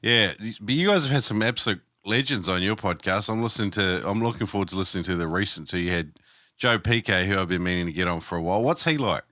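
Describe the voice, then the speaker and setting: A man's voice: deep voice, fast, bright, forceful tone, dry recording, clean studio sound. A man hosting a casual podcast interview, laid-back and slangy. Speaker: podcast host.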